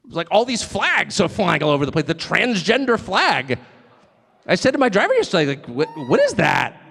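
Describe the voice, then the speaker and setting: A middle-aged man giving a live public speech as a guest speaker, animated and sardonic, with mocking asides and short chuckles. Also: sits high, a little fast, vocal fry. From United States. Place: large hall with a live audience. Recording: long hall reverb with crowd.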